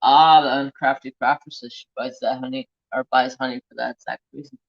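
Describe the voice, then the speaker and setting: Speaking a little fast in a steady, creaky, mid-range voice, an American crafting-channel host chats through a live stream. He's a chatty storyteller who reads out viewers' comments, all captured in dull lo-fi sound.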